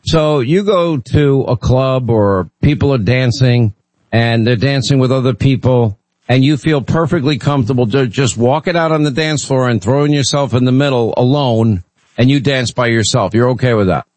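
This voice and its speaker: A man's voice: medium pitch, moderate pace, darkish tone, dry recording, low-quality recording. A man hosting a talk radio call-in show, blunt and opinionated, bantering with callers.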